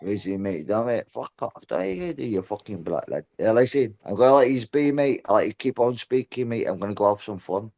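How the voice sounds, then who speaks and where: A man's voice: lowish voice, very animated, brisk, few pauses, a little mellow. A man chatting on a voice-chat show, swearing and rambling, ending nearly every phrase with "lad" or "mate". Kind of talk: rowdy casual chat. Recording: dull lo-fi voice-chat audio.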